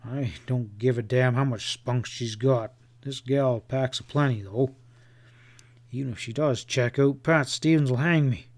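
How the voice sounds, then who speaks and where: A man playing a gruff, slow cowboy guide. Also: medium pitch, darkish tone, lightly acted. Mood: self-reproaching. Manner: growling frontier drawl, slow muttering. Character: gruff thick-set cowboy guide, patient but rough.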